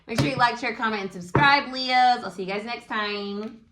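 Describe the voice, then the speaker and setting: A woman's voice: a little high, normal speed, roomy sound, background noise. A woman giving a casual, encouraging tarot reading, talking aloud with many fillers. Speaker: tarot reader.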